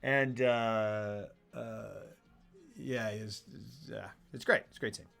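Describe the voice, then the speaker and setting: A man's voice: fairly low pitch, fairly even intonation, slow, creaky, fairly bright tone, soft background music. A man co-hosting a casual film talk show, recapping a plot in a rambling way and acting out the characters' lines. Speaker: podcast co-host. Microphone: streaming mic.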